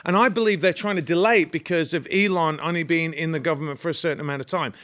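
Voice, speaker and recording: A man's voice: on the high side, steady tone, fast talker, a bit bright. A British man co-hosting a political talk show, speaking in an emphatic, rallying way. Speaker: co-host. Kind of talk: political commentary chat.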